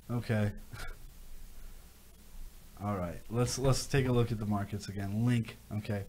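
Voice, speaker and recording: A man's voice: medium pitch, a little slow, long pauses, slight background noise. A man hosting a casual crypto livestream, reading viewer questions aloud and ranting, often repeating himself. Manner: rambling, animated rants with repeated phrases.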